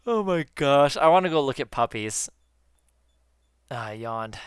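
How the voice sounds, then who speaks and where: A man in casual chat with viewers while gaming, excitable, swearing often and calling his viewers guys. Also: medium pitch, a little slow, clear, resonant tone, no echo, clean studio sound. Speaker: gaming YouTuber.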